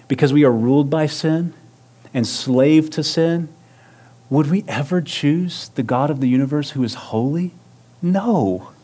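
A man preaching a sermon in church, asking rhetorical questions, calling for amens and swinging from hushed tones to raised, emphatic lines. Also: medium pitch. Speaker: pastor. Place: church sanctuary.

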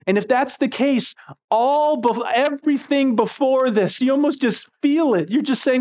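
A man preaching a sermon in an animated, expressive way, swinging between excited bursts and quiet, hushed passages. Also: extremely high pitch, normal speed. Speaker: pastor.

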